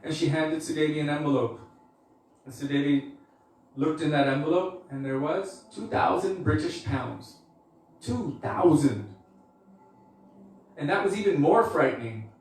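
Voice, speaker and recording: A man's voice: on the high side, normal speed. Brief: male preacher, casual storytelling delivery, distant mic, big hall echo. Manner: casual, conversational, with frequent fillers. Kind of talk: storytelling talk. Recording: echoey hall, mic far off.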